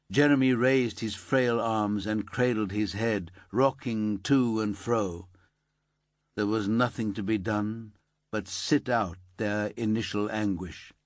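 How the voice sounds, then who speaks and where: A man reads a thriller audiobook in a steady, sombre voice. He speaks slowly in a lower register. The recording is close and dry. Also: no echo. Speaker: audiobook narrator. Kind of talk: scripted narration.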